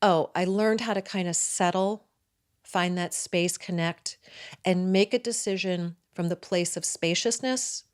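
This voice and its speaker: A woman in her forties, a midwife and acupuncturist, excitedly telling her own story as a guest in a conversation. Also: fairly low pitch, measured pace. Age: 40s. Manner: excitable and talkative.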